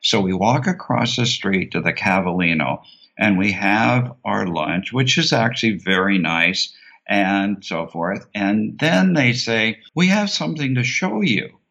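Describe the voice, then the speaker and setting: Guy with a lowish voice telling a story, gets animated, acts out the people in it, kinda dull lo-fi sound. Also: unhurried, creaky. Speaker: guest. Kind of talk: anecdotal storytelling.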